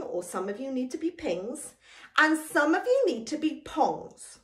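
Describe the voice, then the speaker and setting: A woman teacher with an English accent leads a lively sing-along warm-up for children, chanting and singing with breathy energy. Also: high voice, a little slow. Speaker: teacher leading a class energiser. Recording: echoey room.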